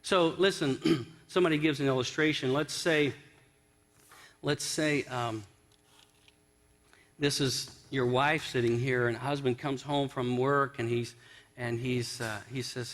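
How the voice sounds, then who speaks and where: A man's voice: medium pitch, fairly even intonation, measured pace, pauses often, fairly bright tone. Man preaching a conversational sermon. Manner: conversational, storytelling with acted quotes. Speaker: pastor. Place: church sanctuary.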